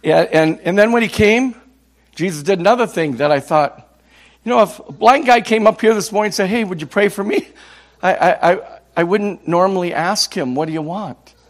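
This high-pitched man in his sixties preaches at a normal speed, a Minnesota evangelist whose fervent sermon swells into loud cries through repeated words.

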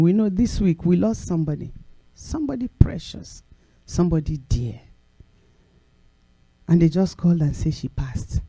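A man's voice: high voice, no echo. A man preaching a sermon, telling stories and repeating phrases for emphasis. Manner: animated storytelling with acted quotes.

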